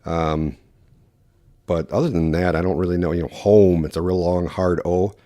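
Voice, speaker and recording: Low-voiced Wisconsin man, rambling podcast. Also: level tone, warm tone, no echo, clean studio sound. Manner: quick, rambling talk with many fillers. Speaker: podcast host. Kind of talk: casual solo podcast.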